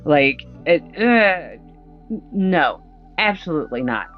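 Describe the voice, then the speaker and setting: A woman's voice: deep voice, sing-song, slow pace. A woman host reacting to a story in casual, indignant and emphatic commentary. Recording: dull lo-fi sound with faint music.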